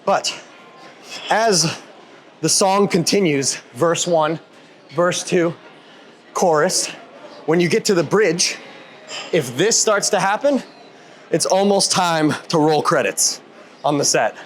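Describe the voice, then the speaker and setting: A man's voice: fairly high pitch, slow, long pauses, a little hiss or hum. A man in his thirties giving a casual workout tutorial in a gym. He rambles and jokes, with goofy asides and self-interruptions. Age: 30s. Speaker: fitness YouTuber.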